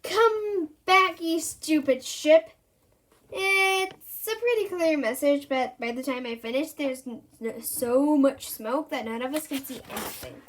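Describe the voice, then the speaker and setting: High-voiced woman reading a children's story. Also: normal speed, hardly any pauses, a little hiss or hum. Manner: voices characters with lively pitch jumps. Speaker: reader. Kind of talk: reading a children's book aloud.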